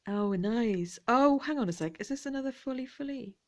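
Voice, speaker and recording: A woman chatting gently as she shows her vintage jewellery finds. She talks quietly, often slipping into whispers, with playful asides. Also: a little high, lively intonation, brisk, few pauses. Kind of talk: relaxed show-and-tell chat.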